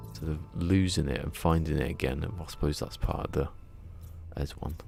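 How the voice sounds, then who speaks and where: A man's voice: extremely low pitch, fairly even intonation, a little fast, creaky, darkish tone, faint music behind. A man streaming a game live, rambling and muttering to himself as he plays. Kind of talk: casual live gameplay commentary.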